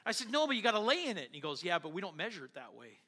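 Bright-voiced pastor telling a story. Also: male voice, high-pitched, racing. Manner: animated anecdote-telling, acting out dialogue. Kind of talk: sermon storytelling.

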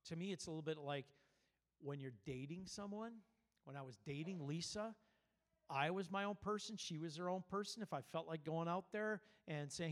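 A man's voice: on the high side, fairly quick. A male pastor preaching to his church, talking in a conversational way with personal stories and frequent restarts. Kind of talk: sermon. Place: church service.

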